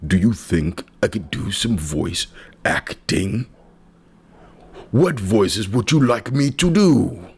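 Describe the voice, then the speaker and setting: Speaking slowly in a lowish, expressive voice with a breathy edge, this podcast host carries a casual solo show alone. He rambles, cracks jokes, and keeps interrupting himself to restart.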